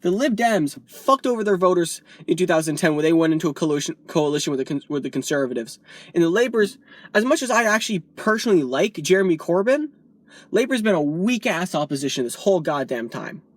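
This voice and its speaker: A woman's voice: on the low side, animated, fairly quick, dry recording, clean studio sound. A woman vlogger delivering a heated, profane political rant, from the United States.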